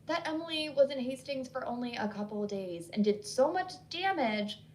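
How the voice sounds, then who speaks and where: A cold, guarded woman with no patience, as read by a woman storyteller, clipping her words short. Her voice is a little high and snaps when she is pushed. A faint hiss sits underneath. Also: animated, normal speed. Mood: curt, angry. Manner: curt and clipped, defensive.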